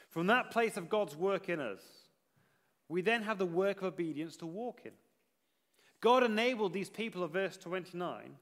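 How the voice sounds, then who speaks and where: A man preaching a sermon in an earnest manner, rising to emphatic repetition and then dropping low. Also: a bit bright, long reverb tail.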